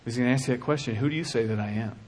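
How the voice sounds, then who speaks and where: A man preaching a sermon with passion, dropping to a hush and then rising to shouting. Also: medium pitch, very fast, husky. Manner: impassioned, swings from hushed to shouting.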